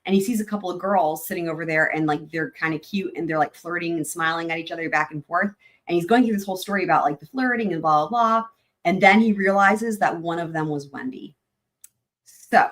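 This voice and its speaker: A woman hosting a livestream, commenting casually on trial footage with animated exclamations and swearing. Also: lowish voice, a little fast. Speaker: livestream host.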